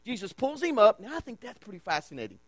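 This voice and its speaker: A man preaching a sermon as pastor, emphatic and repetitive, with dramatic pauses. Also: sits high, big pitch swings, a bit bright, no echo. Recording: dry with mains hum.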